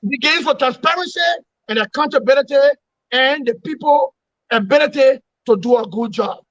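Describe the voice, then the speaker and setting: High-pitched emphatic man, lo-fi. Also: normal speed, a bit bright, no room sound. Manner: emphatic, repetitive, lecturing. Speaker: opposition commentator. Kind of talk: political analysis in an interview.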